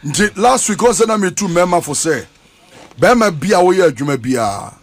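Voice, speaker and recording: Earnest high-voiced Ghanaian man. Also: animated, brisk, faint music behind. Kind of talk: church talk show discussion.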